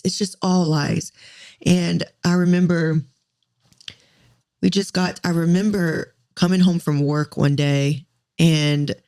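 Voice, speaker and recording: A woman in her thirties, a podcast co-host, telling a candid personal story with deep feeling and many "like" fillers. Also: a little mellow. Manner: emotional, tearful at times, many "like" fillers.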